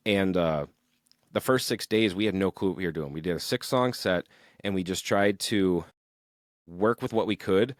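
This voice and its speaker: Deep-voiced man telling band stories. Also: moderate pace, no room sound, clean studio sound. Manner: rambling, animated storytelling with frequent swearing. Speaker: musician guest. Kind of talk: casual podcast interview.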